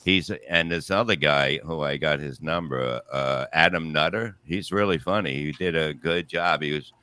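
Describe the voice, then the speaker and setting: A man's voice: extremely low pitch, moderate pace, bright, forceful tone, smooth, no echo, clean studio sound. A man, a comedian guest, telling rambling, profane stories in a casual podcast chat.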